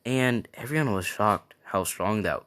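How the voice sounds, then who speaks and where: A man's voice: lowish voice, measured pace, a bit bright, clean tone. Rambling man telling a story. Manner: rambling, lots of fillers and "right?". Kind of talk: casual retelling of a fan story. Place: at home with his dog.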